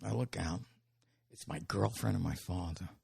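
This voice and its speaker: An older New York comic speaks at normal speed in a low, husky voice with vocal fry. In a casual interview he tells profane stories, animatedly acting out the people and their lines while swearing freely.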